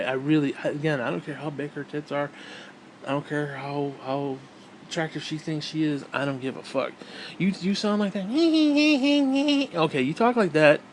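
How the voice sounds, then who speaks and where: A man's voice: on the high side, a little hiss or hum. A man, hosting his own show in a crude, bitter, rambling rant full of restarts. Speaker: vlog host. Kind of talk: profane rant.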